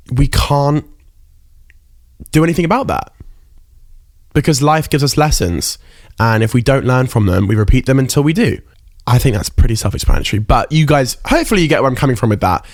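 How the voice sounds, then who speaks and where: Young man, solo podcast host, emotional, candid, swears casually, mid pitch, dry room. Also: no echo. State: emotional, close to tears.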